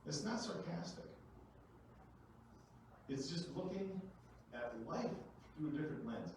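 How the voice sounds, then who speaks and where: A man giving a lively, conversational presentation to a room of parents, with big swings in loudness. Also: mid-range voice, slight background noise. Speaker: workshop presenter. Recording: echoey room from far off.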